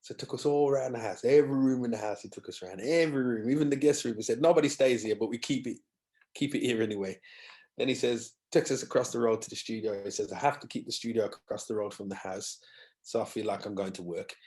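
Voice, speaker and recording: A man, a guest musician telling animated anecdotes in a podcast interview and acting out other people's voices. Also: mid-range voice, quick pace. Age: 50s.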